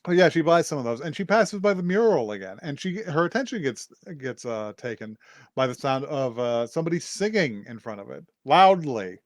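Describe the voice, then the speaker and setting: A man's voice: a little high, big pitch swings, fairly quick, no echo. Male podcast co-host, casual recap chat, rambling delivery, salty language, dry close sound. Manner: rambling, swears freely, laughs often.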